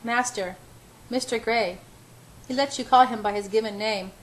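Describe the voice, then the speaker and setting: A woman reading the lines of a fragile, unhinged young woman who murmurs in a soft, childlike sing-song. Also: fairly high pitch, normal speed, a little hiss or hum, lightly acted, rough recording. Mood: murmuring.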